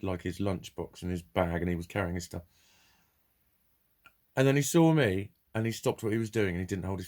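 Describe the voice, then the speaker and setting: Low-voiced man ranting freely. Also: a little mellow. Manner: rambling, heavy swearing, blunt. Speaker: vlogger. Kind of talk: casual vlog monologue.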